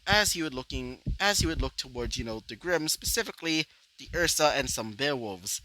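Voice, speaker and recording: Rambling male storyteller, bright lively voice. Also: mid-range voice, a little fast, low-quality recording. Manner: rambling, full of "you know" fillers. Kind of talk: improvised fan-fiction narration.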